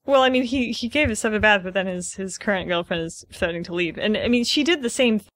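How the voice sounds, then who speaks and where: A woman's voice: medium pitch, animated, quick pace, fairly bright tone, no room sound. A young woman with a mid-range voice co-hosts a casual podcast. She talks loosely, thinking aloud with plenty of fillers. The sound is close and dry. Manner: casual, uses "like" often, reflective. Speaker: podcast co-host. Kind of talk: casual chat.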